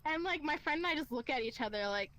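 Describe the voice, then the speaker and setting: High bright animated young woman. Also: quick pace. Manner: animated, swearing, acts out quotes. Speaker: storyteller. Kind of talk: casual storytelling chat.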